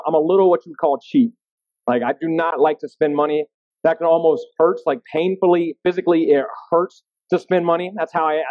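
A man's voice: high voice, no room sound. A man in his thirties preaching a sermon in a casual, self-deprecating way, often checking in with the room. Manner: self-deprecating, conversational, asks the room "right?". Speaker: pastor. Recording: dry, phone-like narrow sound.

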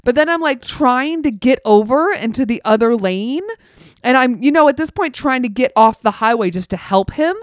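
A woman's voice: a little high, normal speed, no echo. Casual host, woman, chatty and wry, packs her talk with fillers, dry close sound. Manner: chatty, animated, many "like" fillers; wry, laughs through the telling. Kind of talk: casual chat storytelling.

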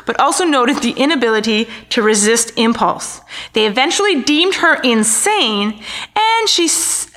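A woman's voice: high-pitched, pushed and bright. A woman co-hosting a podcast, casually recounting a true-crime story with wry asides and stumbles over names. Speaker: podcast co-host.

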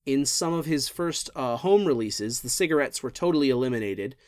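A podcast co-host chatting casually about film history, animated and jokey, with big jumps in pitch when excited. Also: brisk, dry recording.

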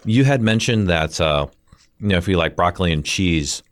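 A radio host interviews a guest in the studio and tastes food on air, full of chatty enthusiasm in a casual interview. His low voice is animated at a moderate pace. It's picked up on a studio microphone with no echo.

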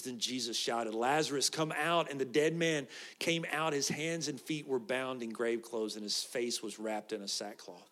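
A man's voice: medium pitch, fairly bright tone. Brief thirties male pastor, earnest, conversational sermon delivery, mid-range voice. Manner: conversational, earnest, addresses listeners as "guys".

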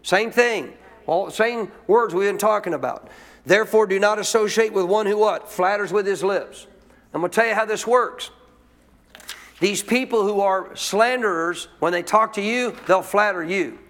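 Speaking at a moderate pace in a strikingly high, slightly bright voice, a male preacher delivers a sermon full of emphatic points. He repeatedly asks the congregation questions and restates important lines for them to absorb.

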